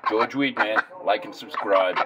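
A man's voice: on the low side, a little slow. A man casually rambling in a vlog outdoors in his yard, playfully talking to his ducks. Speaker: backyard farm vlogger. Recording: loud outdoor noise with fowl. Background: loud ducks quacking.

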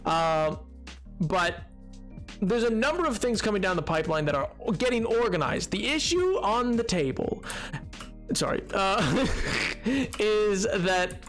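A man's voice: high voice, sing-song, measured pace, pauses often, a bit bright, faint music behind. A man streaming a game, chatting casually with viewers, joking at his own expense and laughing often.

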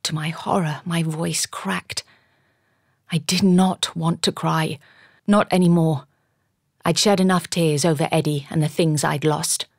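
A woman with a low, gravelly voice reads a first-person audiobook with dramatic, measured storytelling. Her comes through clearly in a dry, close recording. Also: steady tone, dry recording. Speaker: audiobook narrator. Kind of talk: audiobook narration.

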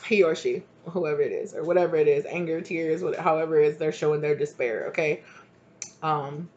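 A woman with a lowish voice gives a casual tarot reading, chatty and blunt, with many fillers. The sound is a bit dull and lo-fi. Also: normal speed. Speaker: tarot reader.

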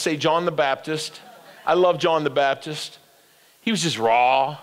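A man's voice: fairly high pitch, unhurried, long pauses, a bit bright, long reverb tail. An older man preaching a sermon as pastor, with call-and-response that climbs to emphatic peaks. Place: church sanctuary.

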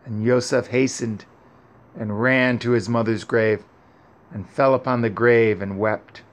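A man reads an ancient scripture story aloud at a very unhurried pace. His delivery is solemn and measured, broken by frequent pauses, in an ordinary mid-range voice. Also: medium pitch, steady tone. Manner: measured, solemn, pausing often. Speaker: scripture reader. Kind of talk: slow scripture reading.

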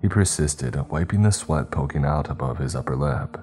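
A man narrating a horror story in a measured, tense way. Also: extremely low pitch, lively intonation, a little mellow. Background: faint background music.

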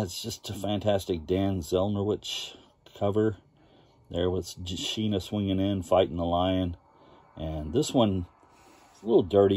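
A man hosting a casual vlog, showing his comic collection in a relaxed and enthusiastic way. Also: low-pitched. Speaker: comic collector channel host. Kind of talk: casual show-and-tell vlog.

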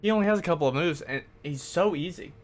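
A man's voice: a little high, quick pace. A man streaming live gameplay, venting frustration with sarcastic jokes and swearing while he plays. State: sweaty and worked up. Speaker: gaming streamer.

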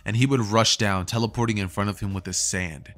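A man's voice: lowish voice, fairly even intonation, fairly quick, fairly bright tone. A man narrating a fan story in a casual way, with fillers and restarts. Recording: faint music behind.

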